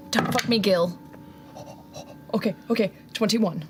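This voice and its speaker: A woman's voice: medium pitch, fairly even intonation, measured pace. Eager woman player, noisy background. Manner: eager, swears freely. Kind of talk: playing a tabletop game.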